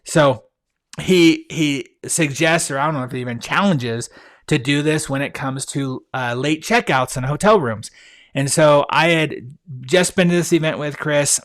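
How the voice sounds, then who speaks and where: A man's voice: a little high, a little slow, fairly bright tone. A man hosting a podcast, talking through book picks in a casual, enthusiastic way, with frequent fillers and restarts. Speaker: podcast host. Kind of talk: casual monologue recommending books.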